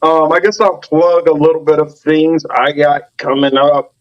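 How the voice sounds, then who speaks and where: A man hosting a loose panel podcast, his voice sitting a little high. He jokes, swears and teases the guests. The audio is dull and lo-fi. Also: fairly even intonation, moderate pace. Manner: joking, profane, teasing the panel. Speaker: podcast host. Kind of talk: casual panel chat.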